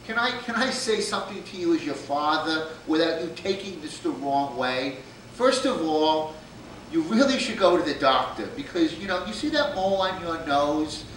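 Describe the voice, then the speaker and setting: A blunt, nagging middle-aged father, as a man puts him on, lecturing in a lowered voice. The sound echoes from far off. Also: lively intonation, normal speed, fairly bright tone, slight background noise.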